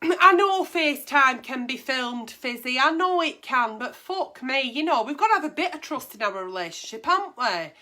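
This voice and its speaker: A woman's voice: high-pitched, lively intonation, normal speed, few pauses, bright, forceful tone. A woman, hosting a casual advice chat in a blunt, brash and sweary way. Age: 40s. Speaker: agony aunt host.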